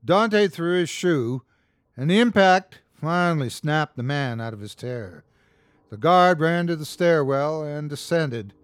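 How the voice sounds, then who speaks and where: A man's voice: on the high side, lively intonation, unhurried, smooth, no room sound, studio quality. Man narrating a horror story. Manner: tense, dramatic reading with acted shouts. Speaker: host and narrator.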